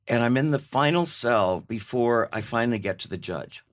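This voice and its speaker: An older man telling an animated anecdote as a guest, laughing at his own story. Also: mid-range voice, normal speed. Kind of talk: casual anecdote.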